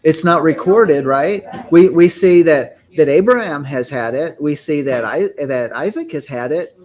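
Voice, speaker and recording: A man leading a group Torah study discussion, explaining scripture and sounding out Hebrew words in a measured, teaching manner. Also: a little high, lively intonation, darkish tone.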